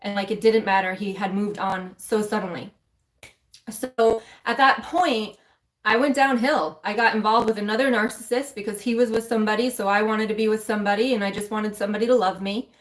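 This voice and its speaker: A woman's voice: mid-range voice, fairly even intonation, fairly quick. A woman mentor and coach candidly telling her own story to viewers on a live stream, emotional and speaking straight to them in a loose, conversational way. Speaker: mentor and spiritual coach for women.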